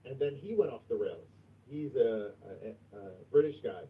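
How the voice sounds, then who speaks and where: A man hosting a livestream in casual chat, crude and profane, going from mumbling to loud outbursts. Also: mid-range voice, expressive, normal speed, recorded from a distance. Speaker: livestream host. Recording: tinny phone-like sound from off mic.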